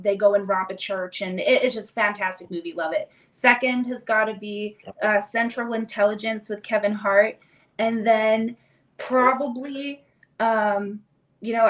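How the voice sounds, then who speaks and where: A woman's voice: mid-range voice, fairly bright tone. A young woman guest on a video call interview, chatting eagerly and peppering her talk with fillers. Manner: bubbly and chatty with filler words. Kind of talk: casual interview chat.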